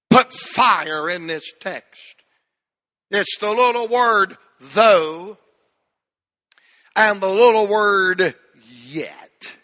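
A man's voice: sits high, bright, forceful tone, in a large hall. A man in his sixties preaching a sermon as pastor in a church, emphatic and repeating key words for stress. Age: 60s.

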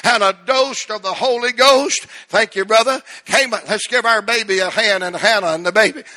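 A middle-aged man preaching a fervent sermon, swinging between shouted lines and hushed ones. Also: high-pitched, moderate pace. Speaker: pastor.

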